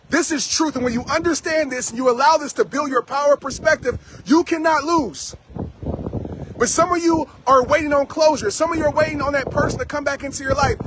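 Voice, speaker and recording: A man with a very high voice delivers a fervent motivational talk to a live chat outdoors following a trail run, hammering home his key lines preacher-style. There's background noise.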